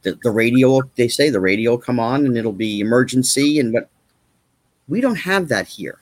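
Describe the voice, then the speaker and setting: Guest, man, husky voice, lively delivery, emphatic and repetitive. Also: medium pitch, moderate pace. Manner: emphatic, repetitive, rhetorical questions. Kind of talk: casual chat.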